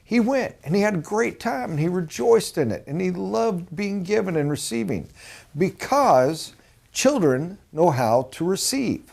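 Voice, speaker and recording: A man's voice: sits high, very animated, a little slow, gravelly, a little mellow. A middle-aged man giving a rambling, earnest motivational talk as a sales trainer.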